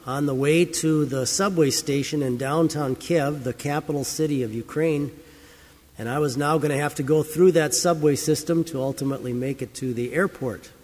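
A man's voice: fairly high pitch, moderate pace, a little mellow, in a large hall. A man preaching a sermon, reading scripture and telling a story in an earnest, emphatic way. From United States. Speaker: pastor.

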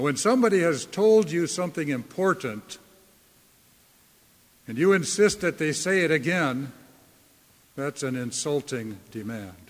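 Slow preaching man in a reverberant hall. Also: a little high. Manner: slow, deliberate preaching with emphatic stresses. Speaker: pastor. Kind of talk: sermon.

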